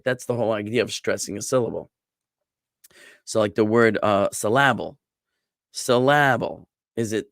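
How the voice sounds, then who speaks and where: A man's voice: mid-range voice, no room sound, clean studio sound. A man teaching a Hebrew class as a rabbi, patiently drawing out words to show which syllables get the stress and checking that students follow. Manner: thinks aloud with restarts and rhetorical checks. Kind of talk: online class lecture.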